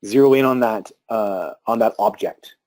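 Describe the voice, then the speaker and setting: Guy giving a meditation talk, mellow calm voice, pauses a lot, restarts sentences. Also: fairly low pitch. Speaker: meditation speaker.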